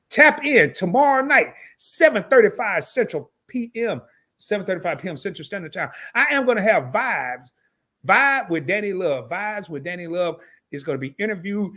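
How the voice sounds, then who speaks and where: A man hosting a live stream, wrapping up the show with loose, slangy banter and quick asides to his viewers. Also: on the high side, pushed and bright. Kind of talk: casual live stream sign-off.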